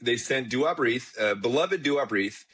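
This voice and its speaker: A man's voice: mid-range voice, lively intonation, unhurried, a bit bright, slightly rough. A man co-hosting a basketball podcast with dry, joking banter. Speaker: podcast co-host. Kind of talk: casual chat.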